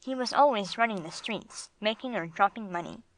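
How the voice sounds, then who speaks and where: A woman voicing Gringo, a gruff streetwise bulldog. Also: mid-range voice, expressive, brisk, no echo, lightly acted. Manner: gruff slangy street talk. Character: tough streetwise male bulldog, gruff and blunt. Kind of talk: audiobook character voice.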